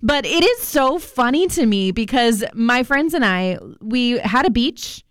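A woman's voice: a little high, a little slow, no room sound, studio quality. A woman from Virginia with a light Southern accent, hosting a radio show in casual, chatty talk. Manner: chatty, animated, talks to listeners. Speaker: radio host.

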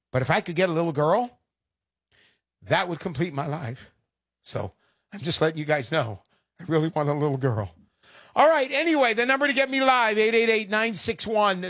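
A man's voice: sits high, bright, forceful tone, no echo, studio quality. A man in his fifties hosting a call-in radio show, chatty and openly emotional.

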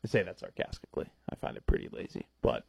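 A man hosting a radio show, chatting casually in the studio and telling stories in an animated way, laughing often. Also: quick pace.

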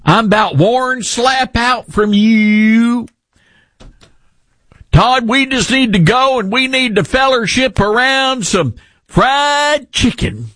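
Man doing older Southern politician, put-on Southern drawl, high, slow, homespun. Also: a bit bright, dry recording, studio quality, heavily acted. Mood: folksy. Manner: slow, sing-song homespun sayings.

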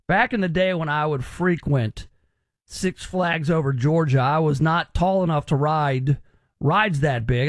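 A man's voice: fairly high pitch, creaky, no echo. A man in his thirties hosting a radio talk show, chatty and wry with rambling asides. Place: radio studio.

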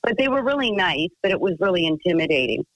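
A woman's voice: on the low side, sing-song, quick pace, no echo, rough recording. A woman caller rambles through a long personal story, piling on fillers and restarts. Her voice sounds close and dry, with no room around it. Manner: chatty, rambling, full of fillers.

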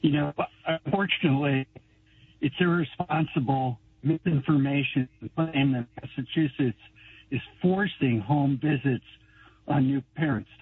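A man's voice: mid-range voice, unhurried, husky. A man calling in to a radio show, insistent and argumentative. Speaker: caller. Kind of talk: phoned-in radio call. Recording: tinny dry phone line.

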